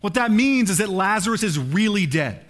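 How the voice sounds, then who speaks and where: A man preaching a sermon in a conversational, animated way, often checking in with his listeners. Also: sits high, moderate pace. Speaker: pastor.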